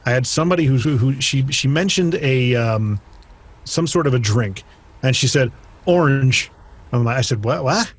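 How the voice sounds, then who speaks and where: Husky-voiced joking male co-host. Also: mid-range voice, normal speed. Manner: jokey, storytelling. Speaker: podcast co-host. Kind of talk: casual interview chat.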